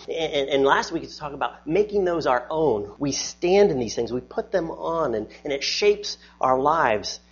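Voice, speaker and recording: A man's voice: on the high side, slightly rough, lo-fi sound. A man preaching a sermon as pastor, earnest and emphatic, often repeating words as he restarts a thought.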